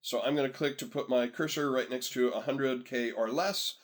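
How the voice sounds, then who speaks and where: A man at a middle pitch walks through a software task over a screen recording. His manner is easygoing and conversational, and he keeps checking in with learners to pause the video and follow along. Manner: relaxed, chatty, tells viewers to pause and catch up. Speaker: software instructor. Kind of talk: screen-recorded tutorial narration.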